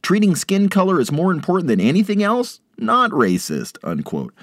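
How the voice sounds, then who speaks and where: A man's voice: huge pitch swings, normal speed, no echo, clean studio sound. A man hosting a podcast, reading out quotes and adding sarcastic asides in a dropped voice. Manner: sarcastic asides, drops voice low after quotes. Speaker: podcast host.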